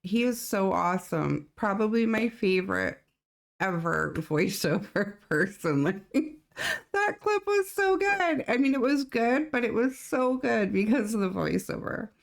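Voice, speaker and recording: A woman's voice: medium pitch, animated, measured pace, gravelly. A woman in her thirties hosting a reaction video, chatty and confiding. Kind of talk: casual reaction commentary.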